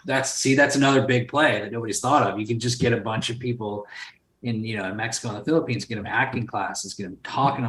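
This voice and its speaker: A man who owns a solar sales company appears as a guest in a casual podcast interview, talking fast in a mid-range, fairly bright voice. His speech is loose and profane with lots of fillers, and the sound is roomy.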